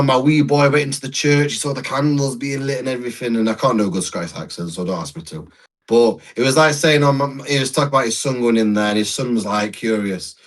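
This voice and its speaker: A man co-hosting a casual podcast, telling rambling anecdotes with restarts and laughter. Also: medium pitch. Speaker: podcast co-host. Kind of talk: casual chat, storytelling.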